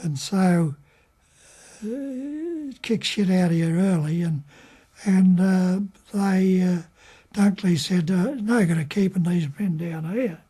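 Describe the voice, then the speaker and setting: An older man with an Australian accent, remembering in an interview and talking in a halting way with many pauses and fillers. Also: high-pitched, warm tone, husky. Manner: unhurried, halting, with frequent fillers. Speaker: war veteran interviewee. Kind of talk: reminiscing in an interview.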